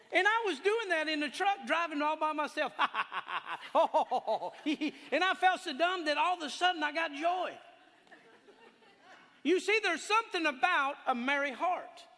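A man preaching a sermon in a folksy, animated way, telling stories and laughing along with them. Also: very high voice. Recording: long hall reverb.

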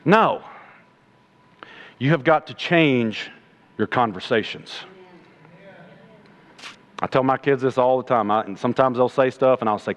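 A man preaching a sermon in a plainspoken, folksy way, swinging from loud exhortation to low mocking asides. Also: very animated, unhurried, pauses often. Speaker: preacher and middle school coach.

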